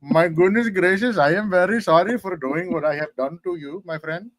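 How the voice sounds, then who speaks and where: A man putting on a put-on Indian accent, playing an overly polite, formal man who speaks slowly and in a sing-song way. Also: high voice, a little hiss or hum, lightly acted. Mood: mock-formal.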